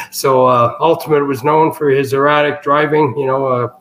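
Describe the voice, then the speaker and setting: With a steady, fairly bright medium-pitched voice at normal speed, this male guest from a wrestling family spins rambling wrestling stories packed with fillers and restarts during a casual interview. The low-quality recording has a little hiss or hum.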